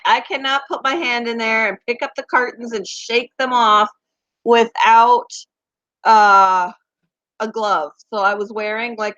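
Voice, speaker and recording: A woman hosting a casual chat with her viewers, talking fast and laughing often. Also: mid-range voice, pushed and bright, dry recording. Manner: chatty, laughs often, baby talk to pets. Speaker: pet channel host. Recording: dry, slightly muffled home recording.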